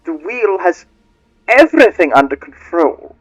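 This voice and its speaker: Villain rat lord, pompous and menacing, through tinny pipes, voiced by a man; high, swooping and slow. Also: sing-song, exaggerated voice. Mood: gloating. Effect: tinny muffled speaker pipes.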